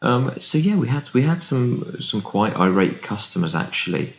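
A business founder chats casually as an interview guest, speaking at normal speed in a medium-pitched voice. He's an animated storyteller who acts out the voices of people who spoke to him. The remote recording is roomy and dull, with a little hiss or hum.

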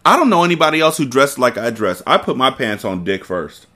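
A man's voice: mid-range voice, very animated, fairly quick, pushed and bright. A man hosting a book-club podcast, reading a novel aloud and dropping joking, irreverent asides.

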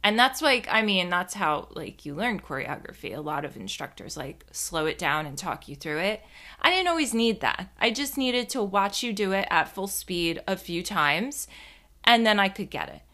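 A young woman with a bright, forceful voice and middling pitch tells a loose, rambling story. She talks casually, swears freely and packs her sentences with fillers, the way a podcast host chats with her listeners. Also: big pitch swings, normal speed. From New Jersey. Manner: chatty, profane, rambling with many fillers.

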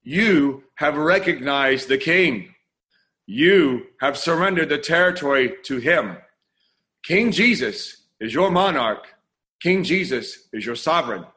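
A man delivering a sermon with an earnest, storytelling delivery. He paces his words dramatically and leans on repetition, in a fairly high speaking voice. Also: pushed and bright. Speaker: preacher.

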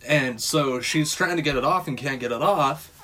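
A man's voice: medium pitch, moderate pace, bright, forceful tone, a little hiss or hum. A man in casual chat, recapping a film plot in a rambling way, swearing freely. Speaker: podcast co-host recapping a film.

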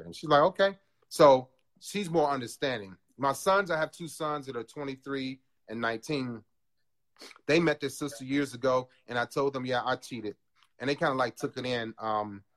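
A man's voice: medium pitch, a bit bright. A man in his forties, a podcast guest, telling his own story in a raw, earnest, casual way. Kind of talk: candid personal confession.

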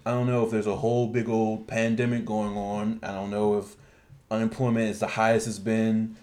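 A man hosting a casual podcast chat, animated and building into exasperated rants. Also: fairly low pitch, moderate pace. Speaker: podcast host.

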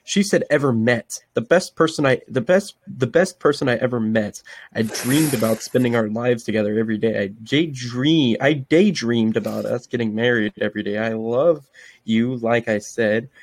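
A young man hosts a casual podcast, reading text messages aloud in a mid-range, darkish voice at normal speed. He swears often and keeps stopping and restarting his sentences.

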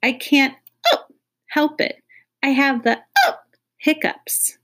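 A woman's voice: high voice, steady tone, slow pace, a bit bright, pitched above the performer's own voice, heavily acted. A woman reading an audiobook, voicing a polite young schoolboy who keeps breaking his words with hiccups. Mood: apologetic. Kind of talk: audiobook character voice.

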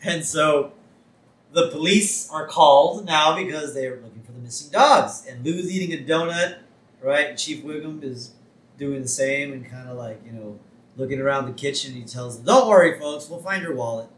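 A man co-hosting a podcast, chatting casually as he recaps an episode and slips into quick character voices when quoting. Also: medium pitch, fairly bright tone, echoey room, slight background noise. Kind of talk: casual chat.

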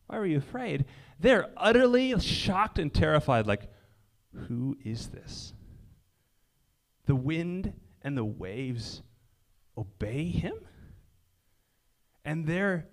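A man giving a casual sermon in a conversational way, often checking in with "right?" and dropping his voice low and quiet for emphasis. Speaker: preacher. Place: indoor gathering near a lake.

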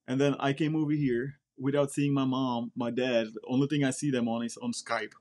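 A man's voice: medium pitch, brisk, hardly any pauses, darkish tone. Blunt man. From Czech Republic. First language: Czech. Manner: blunt, direct, repeats words. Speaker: guest, Air Force member. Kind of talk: casual interview chat.

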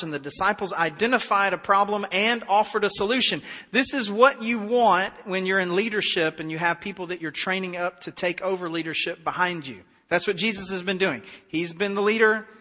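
Bright high-voiced male preacher. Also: normal speed, long reverb tail. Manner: conversational, animated preaching with acted-out dialogue. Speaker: pastor. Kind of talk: sermon.

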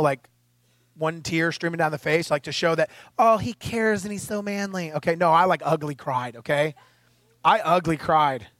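A middle-aged male pastor with a notably high voice delivers a sermon in an emphatic, conversational way, throwing rhetorical questions at the congregation. At times he grows tearful and choked. The sound is dry and close, with no room around it. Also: a bit bright, no room sound.

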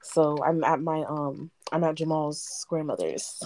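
Low-voiced rambling young woman. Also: a little slow. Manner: relaxed, rambling, full of fillers. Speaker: podcast co-host. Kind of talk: casual chat.

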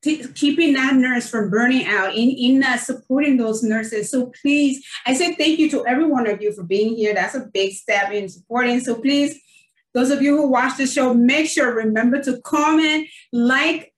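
A woman's voice: high voice, moderate pace. A woman nurse hosting an online interview show, talking casually and effusively with many fillers. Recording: roomy, distant from the mic.

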